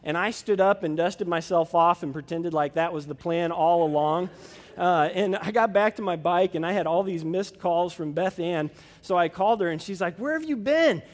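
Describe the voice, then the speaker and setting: Guy preaching a sermon, chatty story w lots of uh's, high voice, big echoey church. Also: fairly even intonation, normal speed. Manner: folksy storytelling with many fillers. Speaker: pastor.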